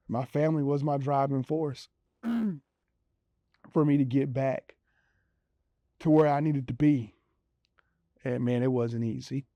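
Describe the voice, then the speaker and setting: A man telling his own story in a relaxed, conversational way, with many fillers and acted-out quotes of other people. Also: mid-range voice, slow pace, long pauses, no echo, muffled recording. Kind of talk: personal storytelling.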